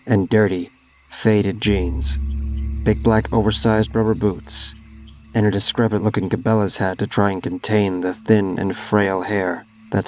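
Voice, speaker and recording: A man reading a horror story aloud as a guest narrator, in a steady, measured way. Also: low voice.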